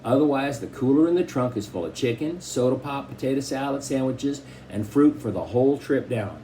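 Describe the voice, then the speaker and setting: Guy reading as a mom going over her plan, matter-of-fact, lively up and down. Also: medium pitch, fairly quick, slight background noise, natural voice, rough recording. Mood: planning. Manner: matter-of-fact, explaining step by step. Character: organized, careful mother reading out a trip plan.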